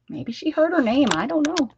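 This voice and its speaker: An American woman with a high, gravelly, somewhat mellow voice runs a relaxed crafting livestream, chatting as she works and cooing baby-talk at her cat. The recording sounds muffled, with a little hiss or hum.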